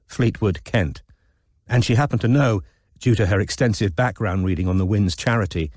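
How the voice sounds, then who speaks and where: A man narrating an audiobook in a measured, expressive reading. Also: lowish voice, dry recording, clean studio sound. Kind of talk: scripted narration.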